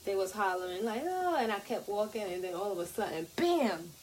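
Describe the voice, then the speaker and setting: A woman co-hosting a podcast in casual banter, teasing and quick with her retorts. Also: medium pitch, fairly even intonation, rough recording. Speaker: podcast co-host.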